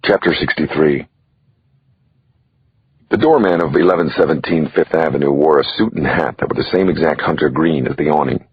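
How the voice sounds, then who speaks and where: Brief: deep, husky male audiobook reader, measured and dramatic, dry lo-fi sound. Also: no room sound. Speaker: audiobook narrator. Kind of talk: scripted audiobook narration.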